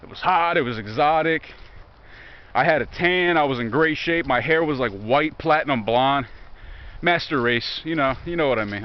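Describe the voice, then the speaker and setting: A man's voice: mid-range voice, animated, normal speed, dull audio, slight background noise. A young man with a Virginia country accent rambles, swearing and sarcastic, as he walks outdoors. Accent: Southern American, Virginia. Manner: profane, joking and sarcastic. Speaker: vlogger. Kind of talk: rambling walk-and-talk monologue. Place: outdoors in woods near a highway.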